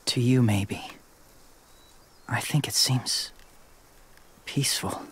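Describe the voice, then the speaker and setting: An actor playing a calm, quiet man who lived among walkers, speaking softly and almost in a whisper. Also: medium pitch, slow pace, husky.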